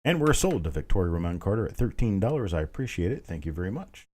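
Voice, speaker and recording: A man's voice: sits low, very animated, fast, a little mellow. A man hosting a live online coin auction, chatting casually, calling out bids and greeting bidders by name. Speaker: auction host.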